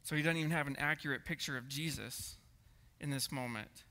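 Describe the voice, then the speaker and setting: Earnest preacher with a bright voice. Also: male voice, fairly high pitch, a little fast. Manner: earnest, repeats words and asks the room "right?". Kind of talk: sermon. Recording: echoey hall reverb.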